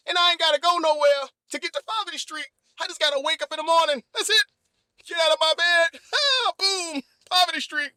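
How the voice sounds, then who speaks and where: A man hosting a comedy podcast, riffing in an animated, rambling monologue and constantly asking "you know what I mean?". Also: very high voice, no echo. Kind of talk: comic monologue.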